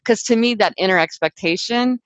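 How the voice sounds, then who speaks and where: A woman in a casual interview, explaining ideas quickly and acting out little quoted exchanges. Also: mid-range voice, no echo, rough recording. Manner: quick, animated, acts out quoted people. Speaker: author guest.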